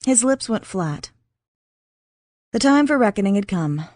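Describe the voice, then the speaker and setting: In this scripted narration, a woman with a medium-pitched voice reads an audiobook at an even, measured pace. There's no echo, and the studio audio is clean.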